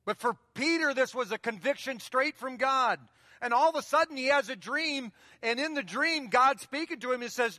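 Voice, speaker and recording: A man preaches to his congregation in a high, bright voice, talking plainly and circling back to the same phrases. His words ring out with a long reverb, as in a large church hall. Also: normal speed, clean studio sound. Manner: conversational preaching, repeats key phrases. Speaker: pastor. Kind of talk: sermon.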